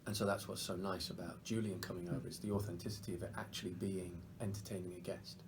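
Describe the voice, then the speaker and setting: A man's voice: low voice, flat delivery, fast, background noise. A man with an English accent, an actor chatting animatedly in a press interview and laughing often. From England. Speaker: actor guest.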